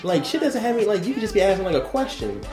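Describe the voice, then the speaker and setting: Profane, animated man in casual banter. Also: sits high, rapid-fire, echoey room, over music. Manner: profane, rambling, animated, laughs often. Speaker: podcast co-host.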